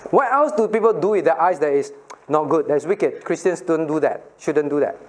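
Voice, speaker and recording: A middle-aged pastor teaches children a Bible passage in a bright, high-pitched voice. He keeps firing questions at them, laughs often and acts out little scenes to make his points. A faint hiss sits under the recording. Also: animated, a little fast.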